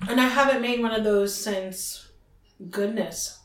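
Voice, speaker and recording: A woman's voice: a little high, fairly even intonation, a little slow, echoey room, low-quality recording. A woman co-hosting a podcast in casual, teasing chat that is often broken up by laughter. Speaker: podcast co-host.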